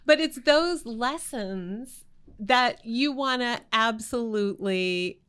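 A woman's voice: on the high side, expressive, slow, a bit bright, clear, resonant tone. A woman co-hosting a podcast, speaking in a thoughtful, reflective way. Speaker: co-host. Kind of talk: podcast conversation.

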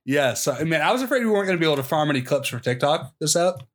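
A man's voice: fairly high pitch, animated, racing. A young man co-hosting a podcast in casual chat, rambling, laughing often and swearing freely. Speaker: podcast co-host.

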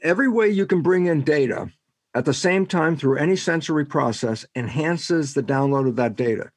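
A man's voice: on the high side, normal speed, slightly rough, no room sound. An older man, a scientist and author, explaining ideas in an interview and acting out both sides of imagined dialogues. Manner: animated storyteller, acts out both sides of dialogues.

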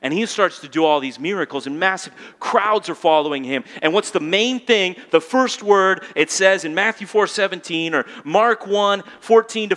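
Emphatic pastor preaching in a reverberant hall. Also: male voice, sits high. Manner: builds to loud emphatic peaks, then drops to quiet intensity; asks the congregation to call back answers. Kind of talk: sermon.

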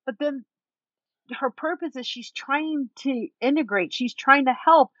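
A woman guest in an interview, telling a story in an animated way and acting out the people in it. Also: high voice, a little slow, no echo, highs cut off. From Texas. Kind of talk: storytelling in a conversation.

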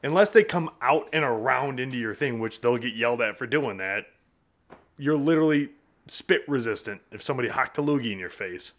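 A man's voice: mid-range voice, animated, brisk. A man co-hosting a casual chat, telling rambling stories with restarts in a laid-back way.

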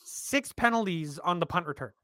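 A man's voice: on the high side, normal speed, dry recording. A man co-hosting a casual sports podcast, talking bluntly and with swearing. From Canada. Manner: animated, blunt, swears freely. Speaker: podcast co-host.

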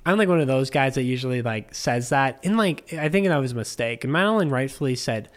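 A man's voice: medium pitch, expressive, a little fast. A man telling a long anecdote as a podcast guest in his living room, rambling with plenty of "like" and acting out what people said. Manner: rambling, heavy use of "like", acts out quoted speech. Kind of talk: casual storytelling chat.

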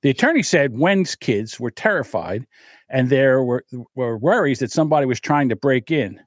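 A man's voice: mid-range voice, animated, normal speed, no echo. A man co-hosting a podcast, chatting casually and joking around on a close, dry microphone. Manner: jokey, does silly mock voices. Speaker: podcast co-host. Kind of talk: casual banter.

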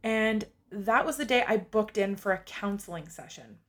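A woman's voice: mid-range voice, lively intonation, moderate pace. A woman in her forties telling her own story in a candid, confessional monologue with casual fillers.

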